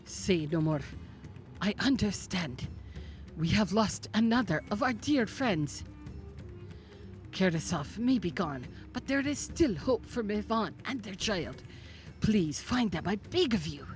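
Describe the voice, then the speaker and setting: A woman voicing a solemn old male village elder, speaking slowly with an attempted accent while reading game dialogue aloud. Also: mid-range voice, lively intonation, soft background music. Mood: grave.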